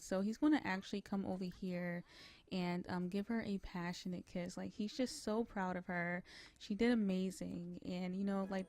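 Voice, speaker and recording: A young woman with a medium-pitched, darkish voice narrates a life-sim game as a casual let's-play. She rambles and leans heavily on fillers like "you know, like."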